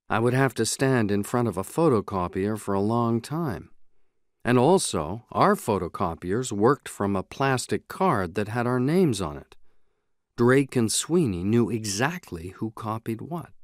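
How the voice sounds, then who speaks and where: A man reading a novel aloud in the first person, in a measured, even way. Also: lowish voice, no echo, clean studio sound. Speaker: audiobook narrator. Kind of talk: scripted audiobook narration.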